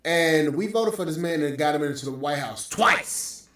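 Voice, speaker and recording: A man's voice: on the high side, lively intonation, normal speed, a bit bright. A man hosting a podcast, ranting with profane, scornful commentary. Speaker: podcast host. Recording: very echoey room, mic at distance.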